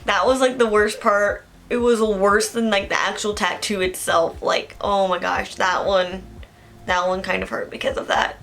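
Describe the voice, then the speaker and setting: A woman's voice: medium pitch, little pitch movement, moderate pace, gravelly, a bit bright. A young woman vlogging casually to camera, chatty and earnest, with lots of "um" and "like". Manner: chatty, earnest, many fillers like "um" and "like". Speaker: beauty vlogger.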